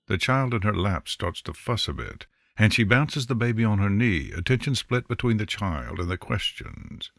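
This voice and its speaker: In this scripted audiobook narration, a man with a fairly low voice tells a fantasy novel slowly and expressively. The recording is studio quality with no echo.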